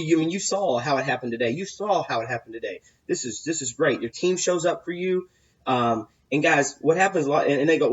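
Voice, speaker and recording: A man's voice: a little high, animated, fairly quick, slightly rough, lo-fi sound. A man giving casual sales advice, rambling and repeating himself, with many fillers and restarts. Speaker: sales coach.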